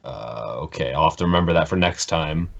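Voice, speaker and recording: A man voicing a cool, wary man who smokes and talks in low, clipped, offhand lines. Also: a little fast, gravelly, highs cut off, exaggerated voice. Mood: dismissive. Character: cool gruff man smoking, curt and wary.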